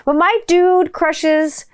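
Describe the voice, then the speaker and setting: A woman's voice: sits high, animated, drawn-out words, no echo, clean studio sound. A woman hosting her own podcast, chatting casually and rambling with lots of "like" and playful asides. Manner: rambling and chatty, heavy use of "like"; playful, hums a silly tune while thinking. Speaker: podcast host. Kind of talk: casual solo podcast chat.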